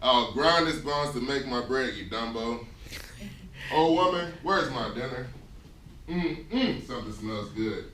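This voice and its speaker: A man playing a slow, blustering giant who fumbles his words in a stage skit. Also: mid-range voice, expressive, a bit bright, slight background noise. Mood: grumpy. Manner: slow, bumbling, forgets his lines. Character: dim-witted, blustering male giant. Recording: echoey room from far off.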